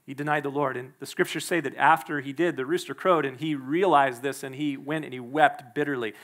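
A male pastor preaching a sermon in a church, emphatic and quick to act out the people he quotes. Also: medium pitch, fairly even intonation, a bit bright. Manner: emphatic, acts out the quoted speakers.

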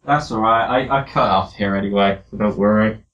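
A man's voice: on the low side, a little fast, fairly bright tone, dull audio. A man hosting casual game commentary, a little stuffy from a cold and swearing in an offhand way. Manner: laid-back, swears casually. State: has a cold, coughing. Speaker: let's play host.

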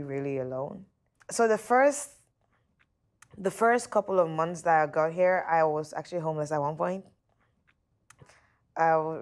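A woman's voice: sits low, darkish tone. A woman candidly recounting a hard time in her life, laughing at herself now and then. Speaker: interviewee. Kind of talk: personal testimony.

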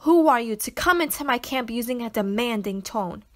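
A woman's voice: fairly high pitch, lively intonation, normal speed, close to an everyday voice. A woman reading aloud while voicing a pompous, haughty male villain doctor in a storybook, a little above her plain reading voice. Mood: smug, indignant.

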